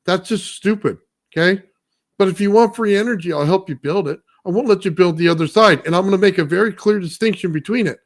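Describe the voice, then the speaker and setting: A man's voice: sits high, quick pace. A man on a casual talk show, ranting bluntly and profanely and ending nearly every point with "okay?". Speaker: guest, builder. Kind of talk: heated rant in casual talk.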